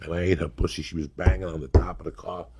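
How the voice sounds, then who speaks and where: A man's voice: deep voice, level tone, quick pace, gravelly, dark tone, breathy edge. A middle-aged man hosting a podcast, telling rambling, profane stories and laughing often as he goes. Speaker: podcast host. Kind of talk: casual podcast storytelling.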